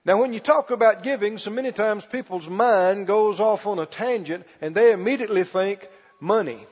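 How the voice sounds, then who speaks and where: A man preaching a sermon as pastor, stretching key words slowly and calling for the congregation to respond. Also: sits high, breathy edge. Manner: preaching with call-and-response, slow emphatic stretches. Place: church. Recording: muffled recording in a reverberant church hall.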